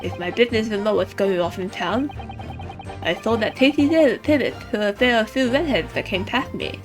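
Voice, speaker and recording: A woman's voice: mid-range voice, moderate pace, lightly acted. A woman voicing a brash, defensive male street peddler from London. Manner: blustering, defensive. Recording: game music playing behind.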